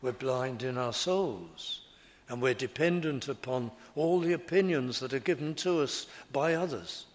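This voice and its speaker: A man preaching a sermon in slow, deliberate, repetitive phrases. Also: mid-range voice.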